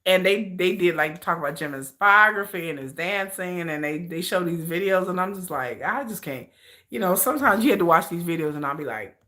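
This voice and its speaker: A woman chatting casually on a livestream, her low voice swinging widely up and down. She talks in a bright, forceful, slangy way and often breaks into laughter. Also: animated, normal speed. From United States. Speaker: livestream host. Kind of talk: casual chat.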